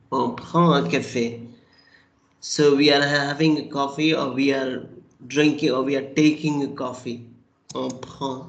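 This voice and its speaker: A man teaching a French class over a video call, slow and patient, praising and prompting his students. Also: mid-range voice, highs cut off. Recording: echoey room.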